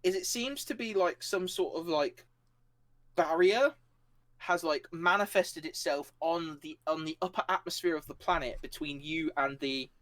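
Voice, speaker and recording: A man's voice: a little high, expressive, moderate pace, fairly bright tone. Rambling male game master. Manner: rambling, filler-heavy, laughing, acts out characters. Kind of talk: narrating a tabletop game.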